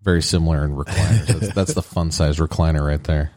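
A man's voice: rumbling low, fairly even intonation, brisk, a little mellow, no echo, clean studio sound. A man in his thirties co-hosting a podcast, rambling and self-mocking in casual chat. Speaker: podcast co-host.

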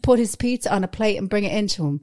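A woman's voice: mid-range voice, lively intonation, fast, a little mellow. An Irish woman co-hosting a podcast, talking bluntly with lots of swearing and teasing. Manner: sweary, blunt, teasing, puts on mocking voices. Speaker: podcast co-host. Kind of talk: casual chat.

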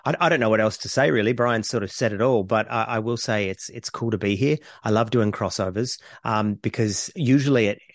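A man guesting on a podcast as a co-host, telling stories in an easygoing, animated way over a remote call. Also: on the low side, a little fast, few pauses, no echo, clean studio sound. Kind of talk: casual podcast chat.

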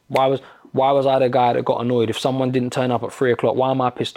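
A man's voice: medium pitch, flat delivery, racing, creaky, a little mellow. A middle-aged man with a London accent, a podcast guest telling stories bluntly and swearing often. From England. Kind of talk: casual chat.

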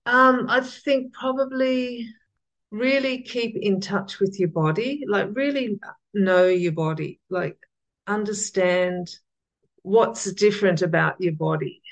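A woman with a gravelly voice, chatting casually as a podcast guest and often restarting her sentences. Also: mid-range voice, slow pace, muffled recording. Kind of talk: casual interview chat.

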